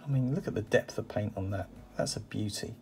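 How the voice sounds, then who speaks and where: A man's voice: on the low side, brisk, creaky, dark tone. Enthusiastic man unboxing toy cars. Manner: enthusiastic and exclamatory, with many fillers. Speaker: toy car collector reviewing a parcel. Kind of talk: casual unboxing chat.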